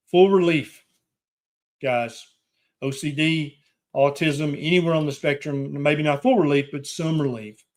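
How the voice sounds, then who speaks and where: A man, a doctor, hosting a live question-and-answer stream, reading viewer questions and answering in a direct, reassuring way. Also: medium pitch. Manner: plain-spoken, direct, reassuring advice.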